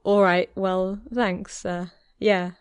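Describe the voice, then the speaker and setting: A woman reading the lines of a shy, awkward young man in a story, hesitant and soft-spoken. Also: medium pitch, little pitch movement, takes it slowly, clean tone, no echo, close to an everyday voice. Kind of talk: audiobook character reading.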